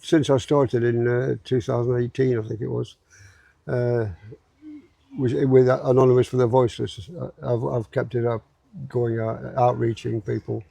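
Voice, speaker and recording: A man's voice: medium pitch, flat delivery, moderate pace, creaky, dark tone, no room sound. A man, a guest in a casual chat who repeats words while he finds them. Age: 80s.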